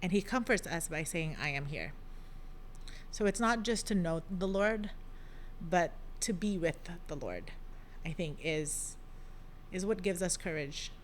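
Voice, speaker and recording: A woman speaking slowly in a fairly low voice, sharing an unhurried devotional reflection. She talks gently and thoughtfully, filling her pauses with soft ums as she hosts her podcast. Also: slight background noise.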